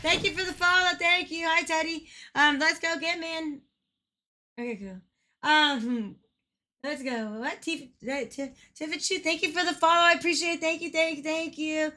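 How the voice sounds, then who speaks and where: A woman's voice: very high voice, fairly even intonation, moderate pace, sharp tone. A woman livestreaming in a casual, playful way, giggling and swearing now and then as she chats.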